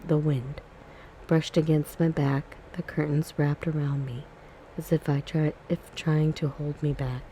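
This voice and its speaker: An ASMR book reader, a woman, softly reads a spooky story in a deep, mellow, warm voice at a calm, even pace. The recording is rough, with a faint hiss underneath.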